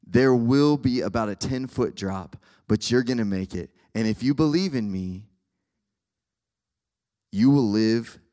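A man's voice: lowish voice, darkish tone, lightly acted. A man voicing an older male mountain guide who calls out reassuring, urgent instructions.

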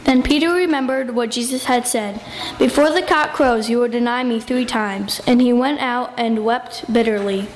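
A woman calmly reading scripture aloud as a lay reader in church. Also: a little high, normal speed, in a large hall, slight background noise, rough recording. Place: church sanctuary.

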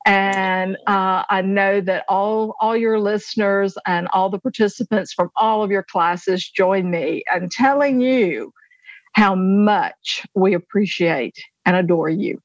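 A woman's voice: medium pitch, slow pace, dry recording, highs cut off. A woman guest on a podcast, gushing with praise in casual conversation.

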